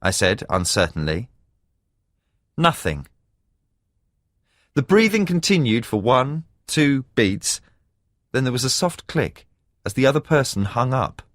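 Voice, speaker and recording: A male audiobook narrator with a mid-pitched voice, reading a first-person thriller with measured, expressive delivery. His intonation rises and falls a great deal, and the close studio recording is completely dry. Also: no echo. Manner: measured storytelling with expressive emphasis.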